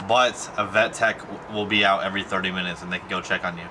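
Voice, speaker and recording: A man's voice: deep voice, fairly even intonation, fast, noisy background. A young man talking in a casual personal vlog, rambling and emotional, with many fillers and restarts. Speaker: vlogger.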